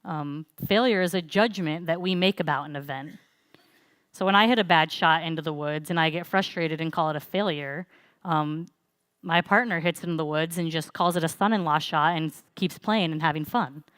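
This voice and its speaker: A young woman talks through a church message in a loose, chatty way, as if telling friends a story. Her voice sits a little low and comes through smooth and resonant. The sound is dry and close. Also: normal speed, no room sound. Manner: chatty, relaxed storytelling with laughs and fillers. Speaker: church speaker. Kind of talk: casual sermon talk.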